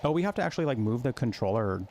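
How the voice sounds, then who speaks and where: A man's voice: medium pitch, sing-song, racing, a little mellow, a little hiss or hum. A man giving playful, goofy let's-play commentary while reading game text aloud. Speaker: gaming streamer.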